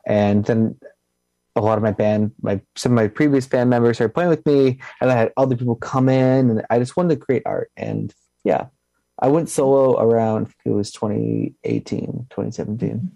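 A young man, a musician answering interview questions in a halting way, with restarts and a slight lisp. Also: mid-range voice, creaky, mellow, no room sound. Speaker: musician guest.

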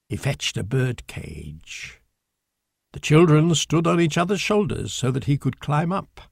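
A man reading a children's storybook aloud in a slow, clear, deliberate manner. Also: mid-range voice, sing-song, no room sound, studio quality. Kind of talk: storybook narration.

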